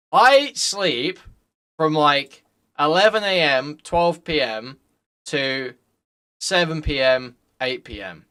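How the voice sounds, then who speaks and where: A man's voice: on the high side, expressive, slow pace, bright, forceful tone, smooth. A young man commenting casually on a live stream, blunt and profane, rambling to his chat.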